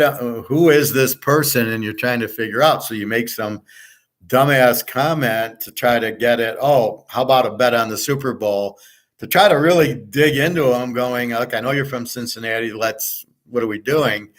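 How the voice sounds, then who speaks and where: A man's voice: mid-range voice, fairly bright tone. A middle-aged man hosting a sports betting channel, talking in a blunt, crude, rambling monologue full of fillers and digressions. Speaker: sports handicapping host.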